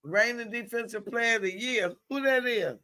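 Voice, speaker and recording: Chatty woman doing live game commentary on stream, bright sharp voice, gets loud and excited. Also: fairly high pitch, normal speed. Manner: excitable, exclaiming loudly at plays; chatty, colloquial.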